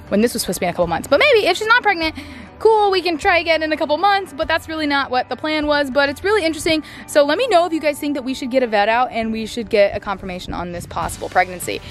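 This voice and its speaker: High-voiced chatty young woman outdoors. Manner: chatty and excitable, full of "like" and "I don't know"; talks to her animals. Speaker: farm vlogger. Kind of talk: casual vlog chat to camera. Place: outdoors on a farm pasture.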